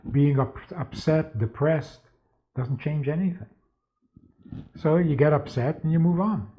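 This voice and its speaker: A man's voice: on the high side, unhurried. Man teaching over a tinny line. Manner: rhetorical questions, storytelling. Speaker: rabbi. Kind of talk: spoken lecture with stories. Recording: tinny phone-like sound.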